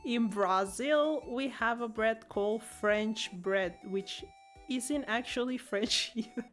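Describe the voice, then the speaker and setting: A woman's voice: a little high, slow pace, soft background music. A woman streamer, chatting casually and playfully, reading chat aloud and giggling often. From Latin America. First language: Spanish.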